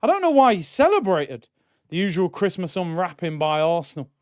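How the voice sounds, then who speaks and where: A man's voice: high-pitched, fairly quick, no room sound, highs cut off. A young man streaming a live football watchalong, reacting to the match and reading out chat comments. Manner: excitable, shouts at goals, then grumbles and reads comments.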